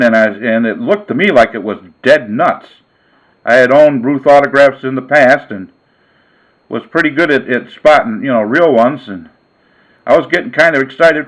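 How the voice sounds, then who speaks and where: A man and sports card vlogger telling a casual story in a folksy, relaxed way. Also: mid-range voice, poor audio.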